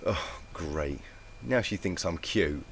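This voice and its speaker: A man voicing a grumpy young stallion from a pony fanfic, muttering dry and sarcastic lines. The voice sits low and a faint hiss runs behind it. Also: huge pitch swings, a little slow, heavily acted. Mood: annoyed.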